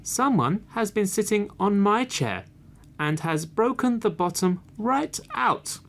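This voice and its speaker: A man voicing a small, upset baby bear in a shrill, high voice, reading a storybook. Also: sing-song, slow, fairly bright tone, full character voice. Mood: indignant.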